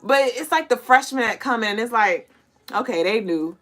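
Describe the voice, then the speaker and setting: Talking straight to her audience as "y'all" and "collective," a podcast host and spiritual reader gives a casual collective intuitive reading full of cursing, laughter, and blunt, animated commentary. Her voice runs on the high side, expressive and fairly bright, at a moderate pace.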